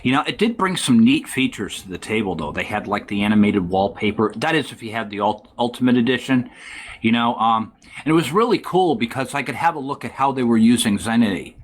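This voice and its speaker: A man's voice: medium pitch, expressive. Rambling man hosting a tech chat. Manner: rambling, halting, many fillers. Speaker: podcast host.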